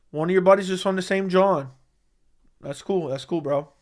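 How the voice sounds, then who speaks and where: Blunt profane livestream host. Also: male voice, high-pitched, moderate pace, darkish tone. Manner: blunt, profane, dismissive banter. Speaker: livestream host reading chat. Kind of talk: casual livestream chat.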